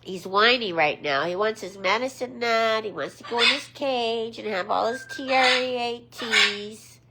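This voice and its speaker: A woman hosting a casual livestream with her pet parrots, chatting with viewers and switching to high, sing-song baby talk for her birds. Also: moderate pace. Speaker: pet parrot channel host. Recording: loud background noise with bird clicks.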